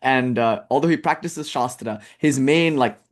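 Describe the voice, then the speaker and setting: Brief: young male spiritual teacher, loose lecture style with jokes and tangents, mid-pitched. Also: moderate pace. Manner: casual and animated, with tangents and jokes. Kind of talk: casual lecture on scripture.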